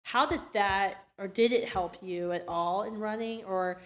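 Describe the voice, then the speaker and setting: A woman's voice: medium pitch, measured pace. A woman hosting a podcast interview, chatty and opinionated, with many "like" fillers. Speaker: host.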